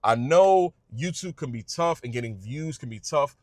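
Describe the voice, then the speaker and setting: Lively, emphatic man giving creator advice. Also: mid-range voice, moderate pace, dry recording, studio quality. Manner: emphatic, repetitive, stumbling restarts; informal speech, says y'all. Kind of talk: passionate direct-to-camera advice.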